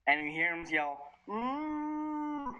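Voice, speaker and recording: Bright-voiced joking game master. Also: male voice, fairly high pitch, moderate pace, lo-fi sound. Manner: crude, joking scene-setting. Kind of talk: running an online tabletop game.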